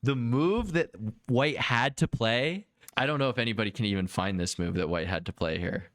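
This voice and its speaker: A man streaming a chess game review, excitable and quick to exclaim and laugh as he talks to his viewers. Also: mid-range voice, no echo, studio quality.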